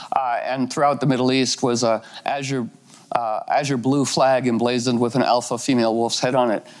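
In a mid-range voice on a low-quality recording, a man gives a rambling, playful talk about astrology. It's full of "you know" fillers and laughing asides.

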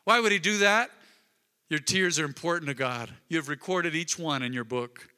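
A male pastor preaching a sermon in a church, swinging from loud emphatic bursts to soft, intimate murmurs. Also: on the high side, moderate pace, clean tone. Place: church sanctuary. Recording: long reverb of a large hall.

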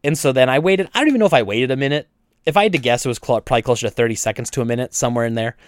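A man who owns a video game store, telling a story in casual chat, animated and indignant, with many restarts and voices for each side. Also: medium pitch, very fast, clean tone, no echo, studio quality. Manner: animated retelling, acts out both sides with frequent restarts.

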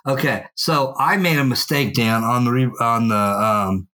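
A man co-hosting a podcast, telling a long story in a casual, animated way and swearing freely. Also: mid-range voice, unhurried, poor audio. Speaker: podcast co-host. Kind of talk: casual chat. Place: at home.

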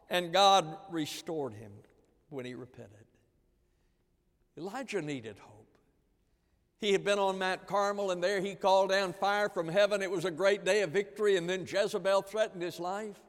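A man preaching in an earnest, repetitive way, his voice sitting a little high for a man. He swings between ringing emphasis and soft, hushed lines. A long reverb trails every phrase, like a big hall. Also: moderate pace. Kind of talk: sermon.

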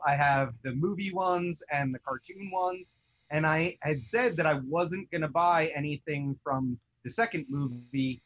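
An excitable young man chats casually about his toy collection and rambles through his stories. His voice sits a little high for a man. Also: poor audio. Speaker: co-host of a toy collecting show. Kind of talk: casual chat.

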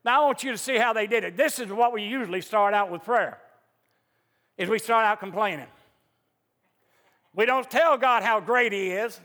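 Fervent male preacher with a very high, forceful voice, recorded in an echoey church hall. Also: normal speed, long pauses. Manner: fervent, emphatic preaching with rising outbursts. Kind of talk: sermon.

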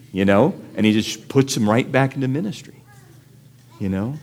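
A man delivering a sermon in a low voice. He preaches conversationally and checks in with his listeners as he goes. He brings his stories to life by jumping into the voices of the people in them. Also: moderate pace. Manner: animated storytelling, acts out quoted voices with big pitch jumps; conversational, asks the audience questions. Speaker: pastor.

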